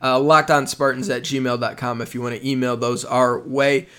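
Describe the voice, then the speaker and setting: A man's voice: mid-range voice, flat delivery, normal speed, fairly bright tone, clean tone. A young man hosting a casual sports podcast, upbeat and joking, slipping into ad reads. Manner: upbeat, reads ad copy, jokes around. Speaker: podcast host.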